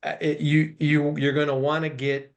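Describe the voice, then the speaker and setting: A male podcast host with a somewhat raised pitch. He talks casually and upbeat, often ending his points with "right?" as he steers the conversation. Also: monotone, moderate pace. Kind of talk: podcast interview.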